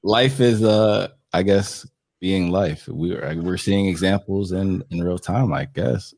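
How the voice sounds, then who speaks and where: A man's voice: sits low, slow pace, vocal fry, darkish tone, no room sound, clean studio sound. A man hosting a live podcast, reading out viewer comments and agreeing with guests. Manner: reads out comments and agrees briefly.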